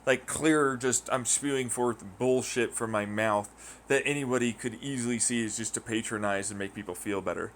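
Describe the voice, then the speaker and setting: A man's voice: medium pitch, normal speed, fairly bright tone, slight background noise. A man ranting casually and profanely, rambling through a story and acting out quoted voices in mocking tones. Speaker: podcast host. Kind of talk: casual rant.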